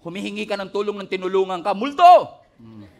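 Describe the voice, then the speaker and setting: High-voiced Filipino pastor preaching. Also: male voice, gravelly. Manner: playful, jokes and calls the congregation to repeat words. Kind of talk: sermon. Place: church stage before a congregation.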